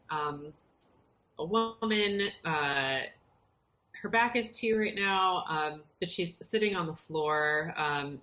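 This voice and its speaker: A woman narrating as dungeon master in an unhurried, descriptive way with many fillers. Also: lowish voice, bright, forceful tone. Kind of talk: narrating a tabletop game.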